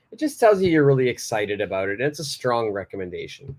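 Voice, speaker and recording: A man's voice: mid-range voice, very animated, fairly quick, few pauses. A man teaching a beginner English lesson, praising students and stressing key words as he explains. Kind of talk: live online English lesson.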